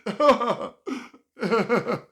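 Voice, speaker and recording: A man telling a personal story as a stand-up comedian, animated and acting out the voices of the people in it. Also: extremely high pitch, drawn-out words. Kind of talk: storytime monologue.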